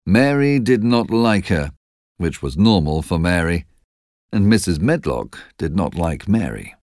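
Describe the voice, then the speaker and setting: A man reading a children's story aloud in a measured, expressive way. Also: low voice, no echo, studio quality. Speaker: narrator. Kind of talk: scripted storybook narration.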